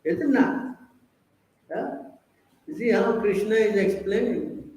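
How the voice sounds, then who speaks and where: A man's voice: high voice, takes it slowly, warm tone, roomy sound, rough recording. A man giving a scripture class, preaching and prodding his listeners with rhetorical questions.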